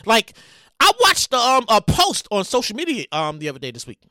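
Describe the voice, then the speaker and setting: Loud excitable lady podcast host ranting, repeats herself a lot, dry close sound. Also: on the high side, fairly quick, no echo. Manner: shouts and gets excited, stammers and repeats; sound effects and dramatic outbursts. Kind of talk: excitable comedic rant.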